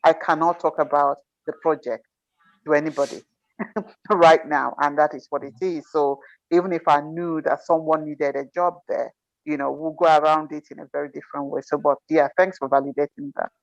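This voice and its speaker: A woman's voice: low voice, little pitch movement, normal speed, dry recording. A woman working as a consultant, speaking on a video call in a hesitant way with many fillers. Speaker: consultant asking a mentor. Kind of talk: group video call chat. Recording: dull, dry video call audio.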